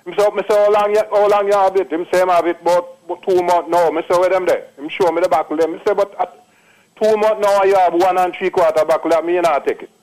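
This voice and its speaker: A man's voice: sits high, fairly even intonation, fast talker, darkish tone, low-quality recording. A man in his late sixties with a Jamaican accent, calling in to tell a long, repetitive, emphatic story. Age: 60s. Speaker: caller. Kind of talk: casual phone testimony.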